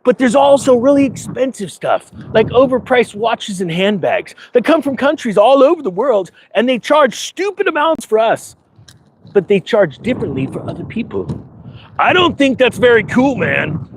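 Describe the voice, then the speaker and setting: A man's voice: very high-pitched, big pitch swings, moderate pace, slight background noise, full character voice. A man playing a smug, self-important financial advisor persona, talking sarcastically and rambling to camera outdoors. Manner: sarcastic, boastful, rambling with asides. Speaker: finance vlogger. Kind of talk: comedic persona monologue to camera. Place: outdoors in front of a big-box store.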